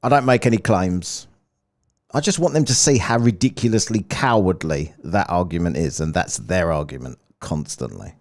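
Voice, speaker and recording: A man's voice: sits low, moderate pace, darkish tone. A man hosting a live stream, mocking and swearing freely. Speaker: host reacting to a stream. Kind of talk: casual live commentary.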